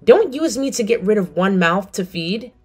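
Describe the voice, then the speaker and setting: A middle-aged woman tells her story in a cold, firm tone. Her voice is mid-pitched but swings widely, with faint music beneath it. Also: animated, moderate pace, darkish tone, breathy edge. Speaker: narrator and mother. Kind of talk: scripted story narration.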